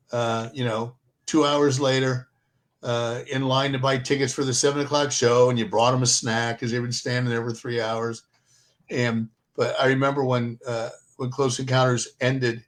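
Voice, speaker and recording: An older man chats casually in an ordinary middle pitch. He rambles through his stories with lots of fillers and restarts. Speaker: podcast co-host. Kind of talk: casual chat.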